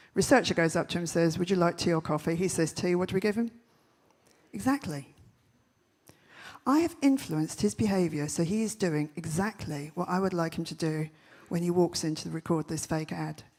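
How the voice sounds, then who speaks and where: A woman holds a stage with a brash, joking keynote, firing off punchy stories. Her voice sits a little low and has a husky edge to it. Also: a little mellow. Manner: brash, punchy storytelling with quick jokes. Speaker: festival speaker. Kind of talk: comic keynote talk. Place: large event stage.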